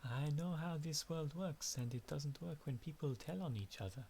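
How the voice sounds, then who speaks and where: A man's voice: fairly high pitch, normal speed, vocal fry, darkish tone, a little hiss or hum, pitched above the performer's own voice. A man putting on a guarded old washwoman. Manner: guarded, folksy. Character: older evasive village washwoman.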